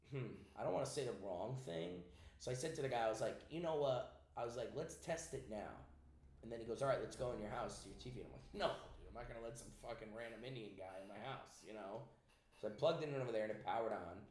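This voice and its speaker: Profane Italian-American man telling stories. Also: medium pitch. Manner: profane, animated storytelling with put-on voices. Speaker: podcast host. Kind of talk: casual storytelling chat. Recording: echoey room.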